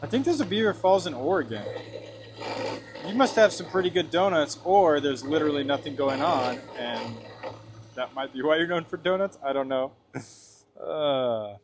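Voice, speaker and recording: Over some background noise, a Washington State blacksmith talks at normal speed in an animated voice on the high side. Livestreaming from his workshop, he chats casually and laughs often, reading his chat aloud and answering it as he works.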